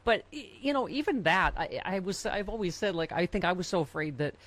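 A woman's voice: fairly low pitch, lively intonation, a little fast, fairly bright tone. A woman hosting a casual talk show, playful and rambling, laughing often. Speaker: host. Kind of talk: casual chat.

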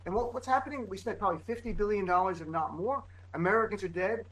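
A man co-hosting a political talk show as a comedian, talking in emphatic, heated bursts and rapid-fire lists. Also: sits high, a bit bright, rough recording. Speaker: comedian and co-host. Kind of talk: political commentary chat.

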